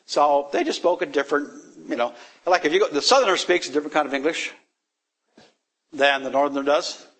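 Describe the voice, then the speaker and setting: A man's voice: fairly high pitch, a little fast. A man leading a casual Bible study, talking things through, reading verses aloud and joking with the group. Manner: animated, laughing, reads verses aloud.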